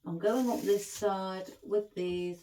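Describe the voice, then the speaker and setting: Woman, middle-aged, craft tutorial host, chatty and rambling, unhurried, roomy echo. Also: mid-range voice, fairly even intonation, dark tone. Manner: rambling, chatty, affectionate toward viewers. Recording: echoey room.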